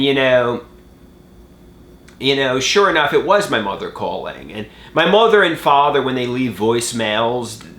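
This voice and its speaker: A man telling a funny story to his viewers in an animated, exaggerated way. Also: medium pitch, slight background noise. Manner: animated, exaggerated, switching into mocking voices. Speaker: vlogger. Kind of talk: casual storytelling monologue. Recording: roomy echo.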